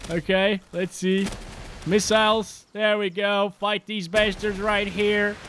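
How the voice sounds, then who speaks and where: A man giving casual, excitable commentary over his own gameplay, laughing often and restarting his sentences. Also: high-pitched, takes it slowly, slight background noise. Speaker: gaming hardware youtuber.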